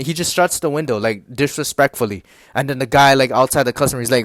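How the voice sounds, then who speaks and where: A man's voice: medium pitch, fast talker, dry recording. A young man telling a story in a casual, rambling rant, swearing often and talking straight to his viewers. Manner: rambling, profane, filler-heavy, keeps addressing the audience. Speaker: YouTuber.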